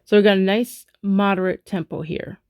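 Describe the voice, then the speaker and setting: A woman's voice: mid-range voice, fairly even intonation, moderate pace, a little mellow, dry recording, clean studio sound. A woman teaching a music rhythm lesson in a chatty way, full of fillers, chanting rhythm syllables as she taps.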